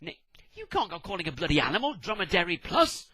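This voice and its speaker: A man's voice: high-pitched, wildly swooping pitch, fast, pushed and bright, no room sound, low-quality recording. A British man giving a sarcastic, exasperated comic rant, swearing as he goes. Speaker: vlogger. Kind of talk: ranting comic monologue.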